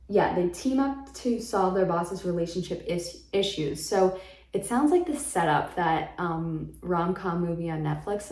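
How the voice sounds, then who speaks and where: A woman's voice: fairly low pitch, a little mellow. A woman casually chatting about the books she plans to read, rambling a little with frequent ums and likes. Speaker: book vlogger. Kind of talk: casual book chat. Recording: echoey room.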